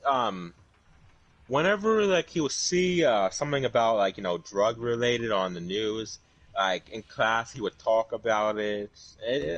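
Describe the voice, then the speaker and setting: Husky-voiced young man chatting casually. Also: medium pitch, fairly bright tone, dry recording. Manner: hesitant, many fillers and restarts. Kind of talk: casual chat.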